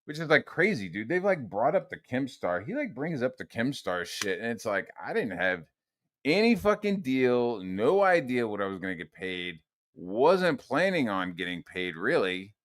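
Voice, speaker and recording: A man's voice: mid-range voice, big pitch swings, normal speed. A young man streaming a solo rant, swearing constantly and mocking his critics in a heated, sarcastic way. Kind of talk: profane rant.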